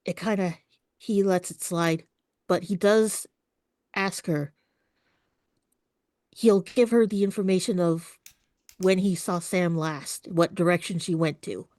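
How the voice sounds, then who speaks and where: A woman's voice: lowish voice, fairly even intonation, slow, pauses often, a little mellow, dry recording, studio quality. A woman playing a tabletop game, describing what her character does in a hesitant, thinking-aloud way. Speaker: player. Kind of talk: tabletop role-play chat.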